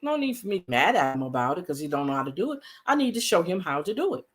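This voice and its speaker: A woman's voice: fairly low pitch, sing-song, racing. A woman vlogger speaking earnestly in a casual, conversational way, repeating her points for emphasis and using folksy phrasing with frequent fillers. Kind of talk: casual talk to camera.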